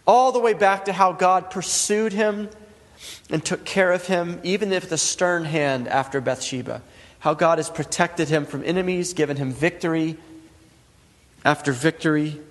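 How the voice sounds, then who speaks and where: A man in his thirties preaches a sermon in an earnest, conversational manner, building his points through repetition. His voice sits a little high for a man. A long reverb from the church hall trails behind every phrase. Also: normal speed. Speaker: pastor.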